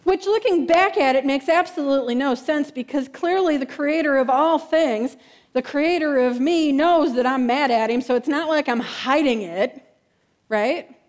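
A woman pastor delivers a heartfelt sermon in a church. Her voice sits high, and she leans on repeated words and asks "right?" to pull the room in. On tender lines she slows down and goes quiet. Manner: drops soft and slow on emotional lines.

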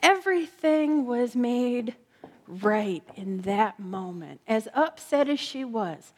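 High-voiced woman preaching a sermon. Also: animated. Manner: dramatic storytelling, slowing and dropping soft for emphasis.

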